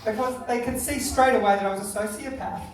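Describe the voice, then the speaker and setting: A woman's voice: a little high, quick pace. A woman with an Australian accent doing a crude, self-deprecating, chatty stand-up set on a comedy club stage. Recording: echoey club, distant mic, crowd.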